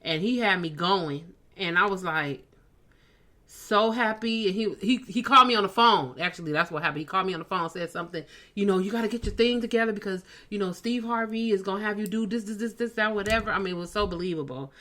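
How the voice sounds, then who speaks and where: A woman's voice: mid-range voice, fast talker, a bit bright. A woman comedian and podcast host telling a story in casual chat, acting out the dialogue she quotes.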